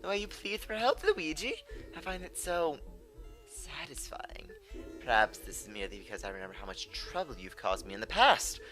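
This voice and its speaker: A man's voice: a little high, big pitch swings, a little fast, bright, forceful tone, soft background music. A man reading out a gloating, theatrical ghost king villain in a hammy, mocking voice.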